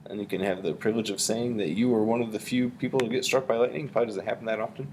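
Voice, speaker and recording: A man teaching a reading lesson, explaining and reading a poem aloud with an expressive voice. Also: on the low side, very fast, few pauses, a little hiss or hum. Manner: animated, reads aloud with a rising expressive voice.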